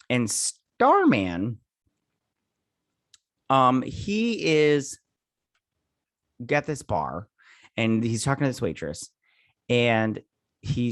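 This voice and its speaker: A man's voice: mid-range voice, no echo, clean studio sound. Man rambling through a casual TV recap. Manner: rambling, animated retelling with quick quoted character bits. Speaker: show host reviewing a TV episode.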